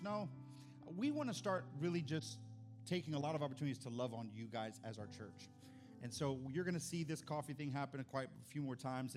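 A pastor, preaching and telling stories in an animated, excited way. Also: male voice, mid-range voice. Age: 40s. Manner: animated storytelling, builds to excited shouts. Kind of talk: sermon.

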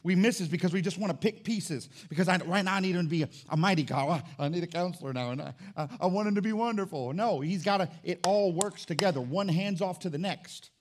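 A man's voice: sits high, quick pace, hardly any pauses. A middle-aged man preaching a sermon in church as pastor, emphatic and repeating his key phrases.

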